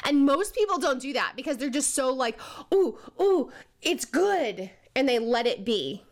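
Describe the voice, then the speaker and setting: Chatty woman with a fairly high voice. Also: lively intonation, brisk. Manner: chatty, laughs often, puts on silly voices for people she mocks; says "okay?" and "right?" a lot. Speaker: leadership coach. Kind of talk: casual motivational talk.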